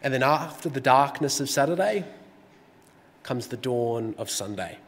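A male pastor giving an earnest, measured sermon in a church. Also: medium pitch, lively intonation. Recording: church hall reverb.

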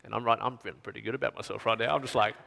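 A middle-aged man with an Australian accent preaching a storytelling sermon to a youth event, chatty and animated, often checking in with "right?". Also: fairly low pitch, rapid-fire, gravelly. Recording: long hall reverb.

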